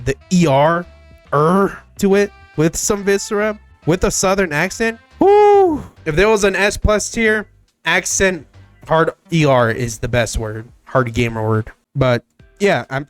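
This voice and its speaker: A young man hosting his own gaming channel, talking casually to the camera with frequent swearing and loud excited bursts. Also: mid-range voice, no room sound. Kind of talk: casual solo commentary.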